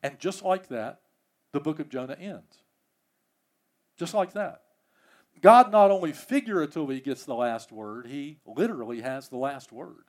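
High-voiced preacher, emphatic. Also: male voice, normal speed, long pauses. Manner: emphatic, repeats key phrases as rhetorical questions. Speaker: pastor. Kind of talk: sermon.

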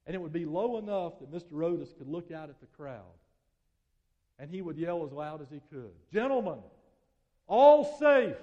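A male pastor preaching a sermon, telling a story and leading prayer, swinging from loud emphatic peaks to soft hushed appeals. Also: a little high. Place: church sanctuary. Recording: dull sound, long hall reverb.

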